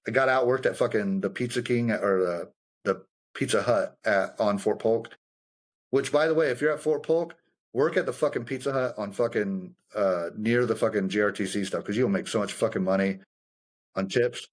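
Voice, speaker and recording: A young adult man, a combat veteran guest, telling war stories in a loose, profane, animated way, acting out the people he quotes. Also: fairly low pitch, moderate pace. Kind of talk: casual storytelling conversation.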